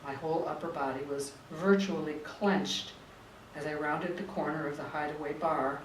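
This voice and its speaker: A woman's voice: low voice, steady tone, moderate pace. A woman author, a former tabloid reporter, reading her memoir dramatically and then chatting in an interview, recorded from a distance in a roomy room. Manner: vivid, dramatic reading; chatty, restarting in talk. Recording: roomy room, distant mic, faint noise.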